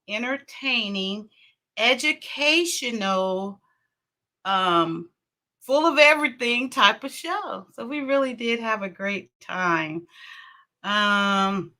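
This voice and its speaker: A woman's voice: a little high, slow pace, pushed and bright. A middle-aged woman hosting a casual livestream, chatting and greeting viewers by name with frequent laughs. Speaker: livestream host.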